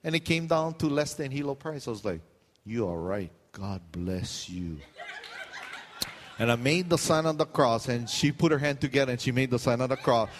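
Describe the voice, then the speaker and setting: A man's voice: medium pitch, expressive, brisk, big-room sound, a little hiss or hum. A middle-aged male pastor preaching a sermon, telling stories and acting out the voices of the people in them. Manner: storytelling with quoted voices and pidgin asides.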